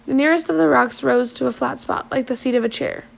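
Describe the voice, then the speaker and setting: A woman reading a storybook aloud at a steady pace, now and then correcting herself as she reads. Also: sits high, brisk, creaky. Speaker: story reader.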